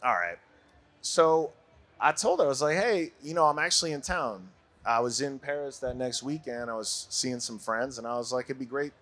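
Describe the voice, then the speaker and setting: A man in his forties from Brooklyn, a podcast guest telling a story in a casual, animated way and laughing often. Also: medium pitch, normal speed. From Brooklyn, USA.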